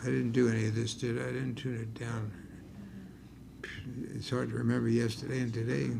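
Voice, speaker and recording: Gravelly older bluesman rambling onstage. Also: mid-range voice, little pitch movement, fairly quick, over music. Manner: wry, rambling, with stammered restarts. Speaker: blues guitarist and singer. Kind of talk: storytelling stage banter between songs. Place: concert stage.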